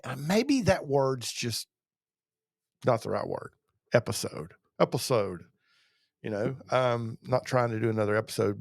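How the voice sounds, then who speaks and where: Middle-aged Southern host from Georgia, gravelly, dry close sound, folksy rambling delivery. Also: male voice, medium pitch, no echo. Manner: rambling, folksy, many fillers and restarts. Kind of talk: casual motivational talk to camera.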